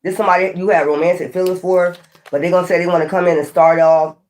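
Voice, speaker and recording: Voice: medium pitch, little pitch movement, fast talker, darkish tone. A tarot reader giving a casual, chatty reading to viewers, blunt and slangy, often laughing.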